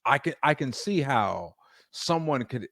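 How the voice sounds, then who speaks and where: A man's voice: medium pitch, lively intonation, unhurried, a bit bright, no echo, clean studio sound. A man co-hosting a podcast, talking through faith in a casual, rambling way full of restarts. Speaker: podcast co-host.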